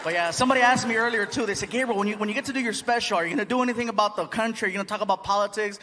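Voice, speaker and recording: A man performing an animated stand-up comedy set, slipping into voices, before a live audience. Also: sits high, racing. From United States. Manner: animated, acts out voices and crowd-work asides. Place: large theater stage before a live audience. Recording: reverberant hall with loud crowd. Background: audience laughter and crowd noise.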